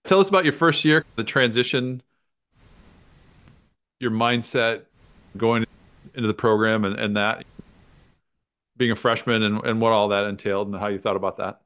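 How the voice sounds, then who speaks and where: A man's voice: lowish voice, normal speed, pauses often, a bit bright, smooth. A man from Iowa co-hosting a sports podcast, chatting casually and asking his guest open questions. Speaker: podcast co-host. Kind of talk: casual interview chat.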